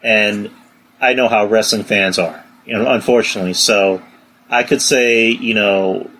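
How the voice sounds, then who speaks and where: Male co-host, low voice, rambling casual chat, faint noise behind. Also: steady tone, measured pace, a bit bright. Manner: rambling, lots of "you know". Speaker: podcast co-host.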